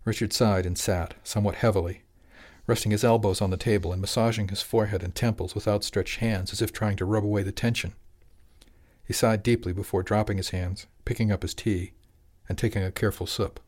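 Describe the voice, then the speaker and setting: Man, audiobook narrator, lowish voice, measured, even.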